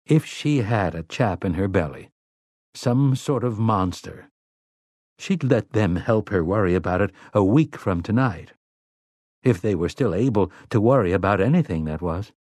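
A man narrating an audiobook in a measured, even delivery on a close mic. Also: on the low side, no echo. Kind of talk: scripted narration.

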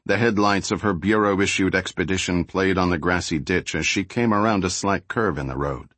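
A man narrating an audiobook thriller in a steady, even storytelling voice. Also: low voice, normal speed, no room sound. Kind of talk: scripted narration.

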